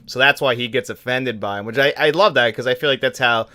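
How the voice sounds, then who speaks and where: Man, podcast co-host, bright voice, lively laughing movie chat. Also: medium pitch, fast talker. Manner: animated, laughs often, trails off and restarts. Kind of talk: casual film chat.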